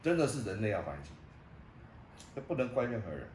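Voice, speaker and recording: A man's voice: medium pitch, sing-song, quick pace, a little mellow. A man talking earnestly and moralizing in a casual interview. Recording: echoey room with faint noise.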